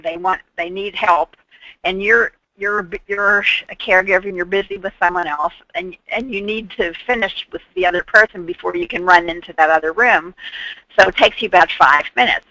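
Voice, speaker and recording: A woman's voice: fairly low pitch, sharp tone, no room sound, rough recording. A woman presenting an instructional webinar on patient care, explaining through worked examples and briefly acting out what people might say.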